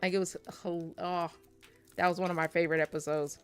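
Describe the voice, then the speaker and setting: A woman's voice: lowish voice, level tone, fairly quick, slight background noise. A young adult woman vlogger chatting casually and laughing often while opening card packs.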